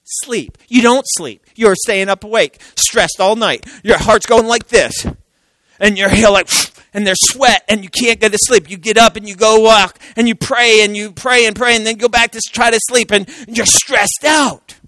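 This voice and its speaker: A man preaching with a high, bright voice that jumps between shouted exclamations and hushed asides. He acts out the voices in his story and laughs along the way. The sound is dry and close. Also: moderate pace, no echo, rough recording. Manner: animated, swings from loud exclaiming to hushed near-whispers. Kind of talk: sermon.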